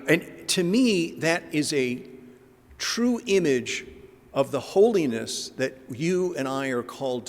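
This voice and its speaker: A man giving a Lenten talk to a parish, conversational and full of filler words, acting out gospel dialogue as he goes. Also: medium pitch. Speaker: guest speaker. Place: church. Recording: long church reverb.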